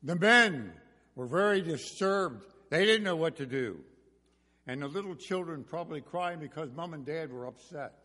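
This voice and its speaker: Animated preacher in an echoing hall. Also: male voice, a little high, moderate pace. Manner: storytelling, swinging from loud bursts to hushed. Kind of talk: sermon.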